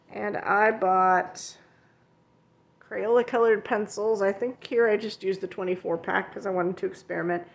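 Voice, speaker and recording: Medium-pitched, with the highs cut off, this woman teaches art and hosts a coloring channel. She shows her completed coloring pages in a relaxed vlog, chatting and wandering off track with lots of fillers and self-corrections.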